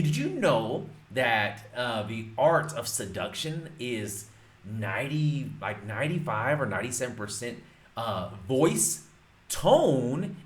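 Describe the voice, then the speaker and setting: A man coaches his viewers in a loose, emphatic way. He repeats key points and calls his audience folks. His pitch swings a lot, and the room gives his voice a noticeable echo. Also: a bit bright. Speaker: real estate wholesaling instructor. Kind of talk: casual instructional talk to camera. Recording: roomy echo.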